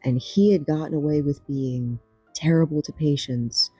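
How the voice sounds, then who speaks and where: A low, husky-voiced young woman doing ASMR storytelling, soft-spoken with a wry edge. Faint music plays under her in a dry, close sound. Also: moderate pace, no echo, poor audio.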